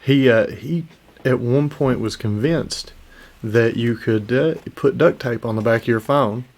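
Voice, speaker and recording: A man bantering on a podcast, blunt and quick to swear. His voice sits at an average pitch for a man. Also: vocal fry, a little mellow. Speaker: podcast co-host. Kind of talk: casual chat.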